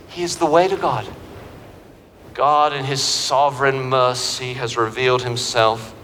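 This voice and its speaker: A man preaching a sermon in a university chapel, telling stories and vivid analogies in an animated way. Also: mid-range voice. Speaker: pastor. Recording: reverberant hall with faint background noise.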